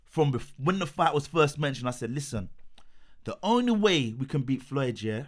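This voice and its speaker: A man, a boxing coach in casual chat, telling a story with lively acted quotes. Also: medium pitch, moderate pace.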